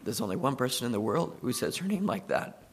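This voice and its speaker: A male preacher with a gravelly, mid-pitched voice tells a story in his sermon at a brisk pace and with big pitch swings. He shifts from hushed, intimate moments to firm, emphatic lines, with slight background noise audible.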